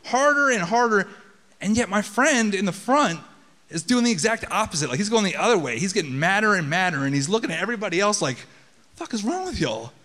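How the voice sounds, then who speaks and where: Profane, high-voiced man telling a story on stage. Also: expressive, quick pace, pushed and bright, big-room sound. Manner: casual, profane, conversational. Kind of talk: live personal storytelling on stage. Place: theater stage.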